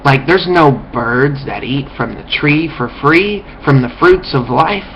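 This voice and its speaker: A man's voice: on the high side, expressive, takes it slowly, a bit bright, muffled recording, slight background noise. A man delivering a profane, contemptuous ranting monologue as a vlogger, lecturing his viewers.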